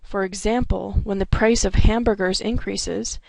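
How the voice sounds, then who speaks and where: American woman instructor, methodical lecture read, dry close voice-over, some vocal fry. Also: medium pitch, steady tone, unhurried, no room sound. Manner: clear explanatory delivery with occasional restarts. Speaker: economics instructor. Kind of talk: recorded lecture narration.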